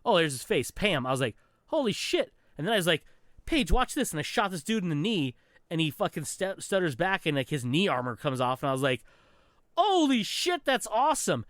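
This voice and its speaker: A fast-talking man with a voice on the high side is recorded dry, with clean studio sound. He co-hosts a podcast and spins lively gaming anecdotes in relaxed conversation, cursing and performing the quotes.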